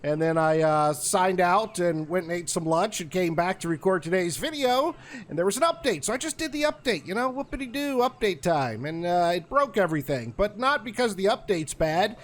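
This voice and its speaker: A man giving animated, exasperated commentary while he plays a survival game, often talking straight to the game itself. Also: high voice, moderate pace. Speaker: gaming YouTuber.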